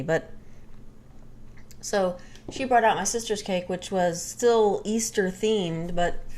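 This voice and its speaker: A woman's voice: on the low side, darkish tone, a little hiss or hum. A young adult woman casually telling a candid, rambling personal story and swearing freely.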